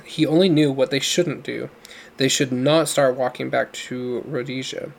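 A man's voice: mid-range voice, fairly even intonation, unhurried, vocal fry. Man narrating an audiobook.

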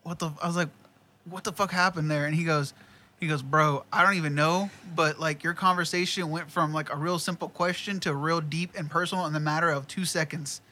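A man's voice: on the high side, fairly even intonation, a little fast, bright, forceful tone. A man, casually telling a profane work story with lots of quoted dialogue and laughter. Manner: laid-back, profane, laughs often, quotes people in dialogue.

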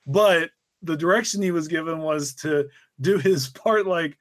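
A man's voice: fairly high pitch, a little slow, dry recording. A man co-hosting a podcast, chatting casually and telling rambling stories. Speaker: podcast co-host. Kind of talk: casual chat.

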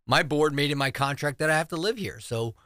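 A man's voice: a little high, a little fast, bright, forceful tone, dry recording, studio quality. A middle-aged man from New Jersey, a school superintendent answering radio interview questions earnestly and walking through budget figures. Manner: earnest, explains with figures and numbers. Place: radio studio.

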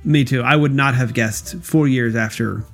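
A man's voice: mid-range voice, moderate pace, a bit bright, faint music behind. A young man co-hosting a casual comedy podcast, jokey and laughing often. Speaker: co-host.

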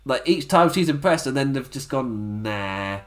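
A man's voice: mid-range voice, animated, moderate pace. A man giving a chatty, rambling spoken recap of a wrestling show, laughing often and acting out quotes.

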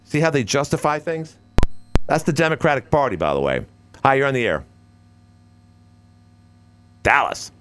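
Lively wisecracking male radio host. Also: mid-range voice, moderate pace, pauses often, a little hiss or hum. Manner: rambling, wisecracking, animated. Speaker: radio talk show host. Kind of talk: call-in radio talk.

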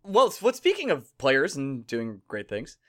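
A man's voice: medium pitch, unhurried. A man co-hosting a sports podcast, joking around and laughing often. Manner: jokey, animated, laughs often. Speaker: podcast co-host. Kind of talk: casual sports chat.

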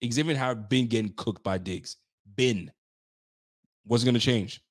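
Animated trash-talking sports show man. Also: mid-range voice, measured pace. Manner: animated, emphatic, ranting, trash-talking, often repeats himself. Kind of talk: casual sports talk show.

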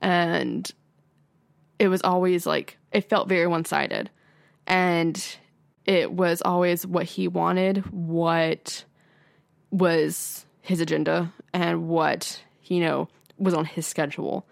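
A young woman co-hosting a podcast, her voice sitting a little low for a woman. She chats loosely, leaning on "like" constantly and leaping up high when she retells a scene. The sound is close and dry. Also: steady tone, slow, creaky, no echo. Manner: chatty, fills speech with "like", rises sharply when retelling. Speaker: podcast co-host. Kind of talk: casual chat.

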